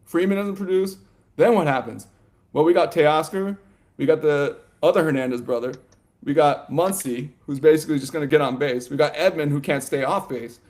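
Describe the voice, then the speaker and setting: Guy on a sports podcast, kinda high voice, rambly, says like a lot, laughs mid-sentence. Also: moderate pace. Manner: animated, rambling, heavy on "like" and "you know". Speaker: podcast co-host. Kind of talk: casual sports chat.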